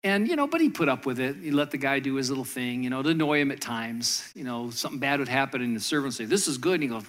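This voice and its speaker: Male pastor, mid-pitch, chatty sermon delivery, animates quotes in stories. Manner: storytelling, conversational, with lively voiced quotes.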